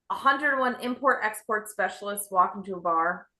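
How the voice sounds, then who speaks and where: A woman comedian telling quick, matter-of-fact improv jokes. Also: mid-range voice, expressive, sharp tone, echoey room, low-quality recording.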